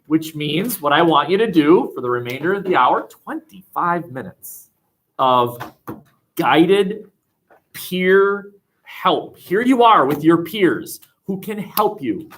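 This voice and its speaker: A man teaching a history class, animated and joking, asking the room rhetorical questions, recorded on a classroom webcam. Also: a little high, a little hiss or hum. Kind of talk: classroom lecture.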